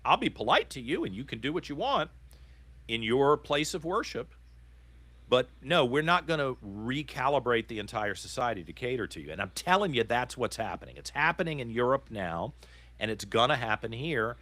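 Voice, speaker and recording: A man's voice: mid-range voice, very animated, normal speed, sharp tone, dry recording. A middle-aged man from Virginia hosting a political talk show, ranting with indignant passion. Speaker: podcast host.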